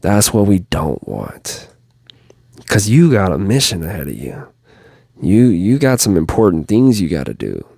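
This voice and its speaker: A man's voice: low-pitched, wildly swooping pitch, a little slow, creaky, warm tone, slightly rough, no room sound, clean studio sound. A man hosting a motivational show, talking casually and encouragingly to his viewers, repeating himself and calling them y'all. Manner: casual, repetitive, encouraging, addresses listeners as y'all.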